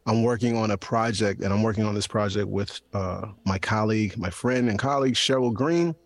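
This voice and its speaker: A man's voice: on the low side, a little fast. A man and podcaster talking in a casual discussion, often repeating words as he thinks. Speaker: podcaster and guest.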